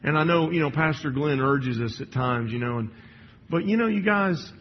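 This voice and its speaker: A man's voice: a little high, a little hiss or hum. Man preaching in a reverberant church hall. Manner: conversational, halting with many restarts and fillers. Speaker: church speaker. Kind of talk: sermon with read passages. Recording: dull sound with long hall reverb.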